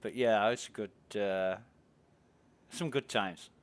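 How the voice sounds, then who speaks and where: An Englishman with a fairly low, resonant voice chats casually while streaming a game, telling rambling stories at a slow, clear pace. He's a talkative storyteller who swears freely and laughs easily.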